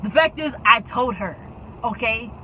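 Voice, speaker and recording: A woman's voice: fairly high pitch, animated, measured pace, bright, forceful tone, slight background noise, low-quality recording. A young woman tells a casual, dramatic storytime and keeps adding "okay?" to drive her points home. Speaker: YouTube storyteller.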